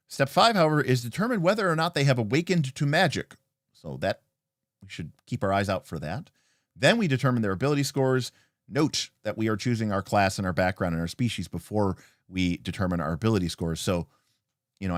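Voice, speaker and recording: This livestream host reviewing tabletop role-playing game books speaks in a lowish voice, captured at studio quality without room sound. He looks over a game book in a relaxed way, responds to chat, and thinks out loud with frequent fillers and false starts.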